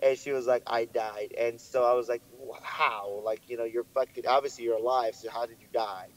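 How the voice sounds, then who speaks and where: A young man co-hosting a podcast, telling a story in a lively way and swearing often, his voice jumping up when he gets worked up. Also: mid-range voice, fairly quick, rough recording. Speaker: podcast co-host. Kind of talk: casual chat.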